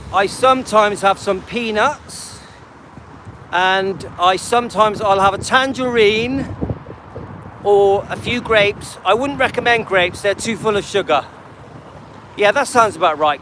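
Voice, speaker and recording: A livestream host speaks in a high, bright, forceful voice, with a little hiss or hum in the audio. Addressing viewers by name in a casual way, he keeps asking "yeah?" and "okay?" and often restarts and repeats.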